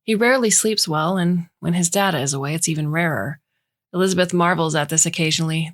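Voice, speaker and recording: A woman narrating a short story in a measured, even way. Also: deep voice.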